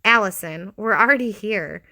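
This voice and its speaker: A woman's voice: medium pitch, normal speed, bright, forceful tone. A woman voicing a scornful ex-wife who talks in a dismissive, jeering way.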